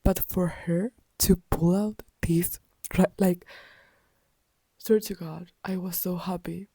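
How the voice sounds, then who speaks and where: A woman's voice: lowish voice, fairly even intonation, slow pace, dark tone, slightly rough, no echo. A tired young woman talking in a casual, exasperated reading vlog, often dropping into a whisper late at night. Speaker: book vlogger.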